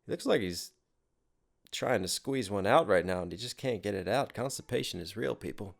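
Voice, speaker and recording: A man's voice: fairly low pitch, lively intonation, moderate pace, creaky. A man reacting to a rap video, enthusiastically analyzing the lyrics with casual swearing. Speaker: rapper reacting to music videos.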